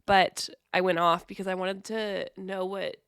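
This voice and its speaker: Gravelly-voiced woman in relaxed podcast talk. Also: fairly low pitch, a little slow, dry recording, clean studio sound. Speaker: podcast co-host and editor. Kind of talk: casual chat.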